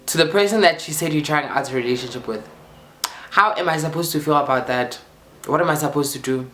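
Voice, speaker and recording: A man's voice: fairly high pitch, brisk, fairly bright tone. A young South African man vlogging a storytime, acting out quotes and repeating phrases for drama. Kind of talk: storytime vlog. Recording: roomy echo with faint music.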